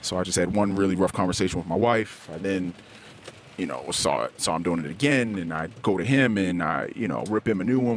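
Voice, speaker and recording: Middle-aged male podcast host, very low voice, halting confessional delivery, quiet background hum. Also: lively intonation. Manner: halting and candid, frequent restarts and searching for words. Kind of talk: personal confessional podcast monologue. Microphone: podcast microphone, self-recorded.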